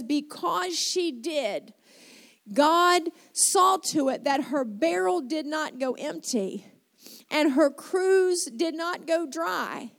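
A woman pastor preaching a sermon to her congregation, retelling scripture with dramatic shifts of pace. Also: high-pitched. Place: church sanctuary with congregation.

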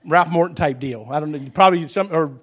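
A middle-aged male pastor preaching a sermon, telling folksy stories that swell into shouted preaching. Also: fairly high pitch, fast.

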